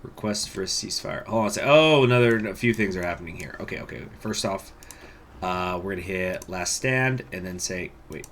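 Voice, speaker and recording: A man commentating a strategy game playthrough, chatty and excitable, reading the game's text aloud. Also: deep voice, brisk, a little hiss or hum. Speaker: gaming channel host. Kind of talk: let's play commentary.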